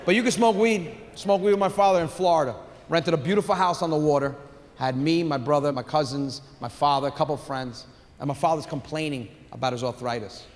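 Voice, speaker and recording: A man doing stand-up comedy, telling animated stories, shouting punchlines and acting out his family. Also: on the high side, brisk. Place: large theater stage with audience. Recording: live hall reverb with audience noise.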